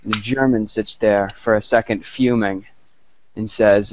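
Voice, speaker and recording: A man's voice: fairly low pitch, fairly even intonation, measured pace, a little mellow, lo-fi sound, a little hiss or hum. A man with a British-sounding accent chatting casually and telling jokes. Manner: chatty joke-teller. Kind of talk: casual chat.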